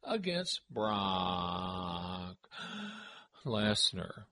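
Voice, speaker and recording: A man's voice: sits low, big pitch swings, extremely slow, sharp tone. A man co-hosting a casual wrestling podcast, joking around and slipping into old radio-DJ patter. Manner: playful, jokey, slips into radio-DJ patter. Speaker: podcast co-host.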